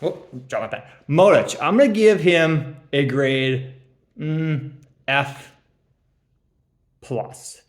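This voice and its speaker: A man's voice: a little high, lively intonation, takes it slowly, long pauses, roomy sound. A young man roasting his fantasy league friends as he hands out draft grades, teasing and rambling, with lots of ums and laughs at his own jokes. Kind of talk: joking casual roast.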